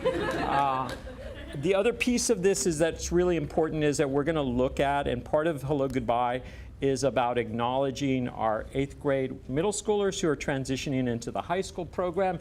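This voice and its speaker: A man hosting a community event and giving a speech, halting and often correcting himself. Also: medium pitch, a little mellow, a little hiss or hum. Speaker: event host.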